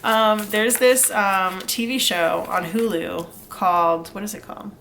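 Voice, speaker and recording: A woman's voice: medium pitch, fairly even intonation, unhurried, creaky, noisy background. A young woman doing a casual pick-a-card tarot reading, chatty and rambling with lots of fillers and laughs. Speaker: tarot reader.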